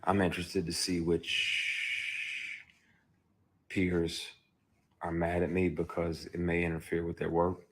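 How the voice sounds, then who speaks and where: A man, an actor, telling a personal story in a candid livestream monologue, emphatic and heated with sudden loud outbursts, speaking into a phone. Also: low voice, monotone, takes it slowly, long pauses, slight background noise. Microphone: phone on a live stream.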